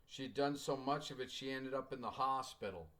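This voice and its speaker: A middle-aged man teaches a writing class in a brisk, slightly bright, medium-pitched voice. A folksy storyteller, he tells casual anecdotes, acts out the quoted dialogue and makes joking asides.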